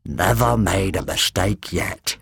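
A man doing a slow, gravelly monster. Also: low-pitched, animated, fairly bright tone, no echo, heavily acted. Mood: drawling. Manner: slow, drawling, unbothered. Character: hulking furry male monster, slow, cheerfully matter-of-fact. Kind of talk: audiobook character voice.

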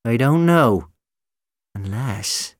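Scheming robot woman played by a man, raised brisk delivery, audiobook villain. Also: mid-range voice, lively intonation, dry recording, studio quality, voice pushed up. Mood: cold scheming. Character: female killer robot posing as a woman, cold.

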